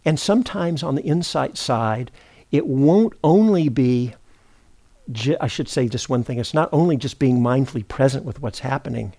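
A middle-aged man giving a meditation teaching at a retreat center, speaking in an unhurried, thoughtful way, often pausing to correct himself. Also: mid-range voice, animated, gravelly, mellow. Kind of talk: dharma talk.

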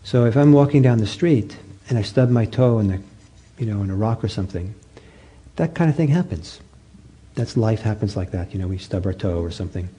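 A man giving a meditation talk, telling stories gently with many pauses, fillers and restarts. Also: lowish voice, lively intonation, husky. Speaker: meditation teacher. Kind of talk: dharma talk.

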